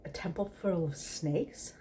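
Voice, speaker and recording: A woman's voice: lowish voice, a little slow, dark tone, slight background noise, lightly acted. A woman reading as a fussy prim angel.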